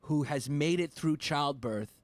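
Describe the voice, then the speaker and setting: A man's voice: on the high side, measured pace, dry recording. A man co-hosting a comedy podcast, teasing and swearing freely in casual banter. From Brooklyn. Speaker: podcast co-host.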